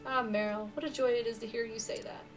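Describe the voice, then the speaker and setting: A woman voicing a tender, sorrowful dying mother in a video game, speaking softly and slowly. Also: on the high side, steady tone, far from the mic, music in the background, lightly acted.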